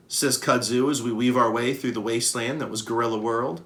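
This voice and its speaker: A man reading a children's novel aloud with expressive narration. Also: medium pitch, fairly quick. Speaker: reader. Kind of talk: storybook read-aloud.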